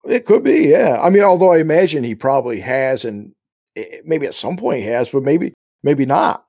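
A man's voice: medium pitch, big pitch swings, moderate pace, gravelly, slightly rough, no room sound, highs cut off. A man co-hosting a casual film discussion, rambling and restarting sentences and acting out bits of dialogue. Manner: rambling, self-interrupting, acts out quotes. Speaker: podcast co-host.

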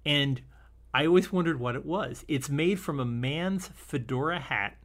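A man's voice: on the high side, unhurried, a bit bright. Rambling man chatting casually. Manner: rambling, many restarts, laughs easily. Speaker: podcast co-host. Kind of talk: casual discussion of an old TV episode.

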